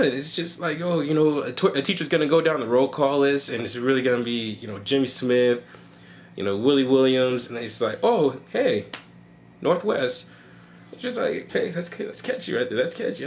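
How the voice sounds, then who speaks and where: Man, vlogger, comedic rant, rambling, joking, medium pitch. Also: slight background noise.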